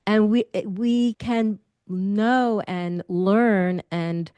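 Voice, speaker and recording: A middle-aged woman, a speaking confidence coach, giving lively advice in an interview and demonstrating different voice habits. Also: mid-range voice, extremely slow, clean tone, no room sound.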